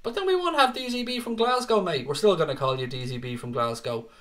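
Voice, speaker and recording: A man's voice: a little high, animated, fast, fairly bright tone. Brash, bantering man on a fan livestream. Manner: brash bantering, swears freely; reads out chat messages and answers them. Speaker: livestream host reading fan comments. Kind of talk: casual live match-reaction stream. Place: home setup with no other audio.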